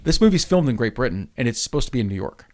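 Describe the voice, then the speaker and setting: A man talking film on a podcast in an easy, conversational way. His voice sits at an ordinary middle pitch. He is articulate and often speeds up into quick bursts. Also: big pitch swings, a little mellow. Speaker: podcast co-host. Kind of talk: casual film discussion.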